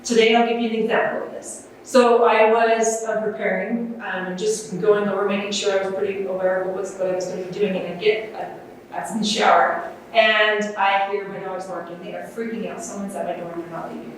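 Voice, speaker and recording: A woman presenting a workshop at a conference, talking in a gentle, unhurried way with fillers and restarts. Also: medium pitch, level tone, far from the mic, a little hiss or hum. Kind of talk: workshop talk on self-compassion. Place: large conference room. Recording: echoey room, voice off-mic, faint ambience.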